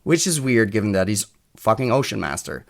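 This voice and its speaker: A man's voice: on the low side, very animated, fairly quick, creaky. A man from Europe co-hosting a podcast, giving a frank, sardonic film review in casual chat, swearing freely. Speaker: podcast co-host.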